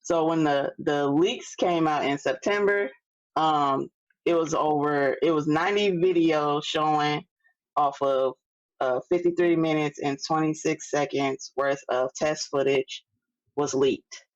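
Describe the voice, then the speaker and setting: A woman, co-hosting a casual podcast chat, halting and full of fillers. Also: low-pitched, no echo. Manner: relaxed, halting, lots of fillers. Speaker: podcast co-host. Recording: dull lo-fi sound.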